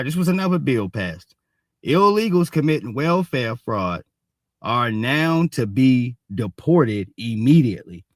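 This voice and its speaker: A man's voice: mid-range voice, no echo. Blunt, cussing man with a dry voice. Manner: blunt and profane, repeats "all right" constantly. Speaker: show host. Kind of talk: casual news commentary stream.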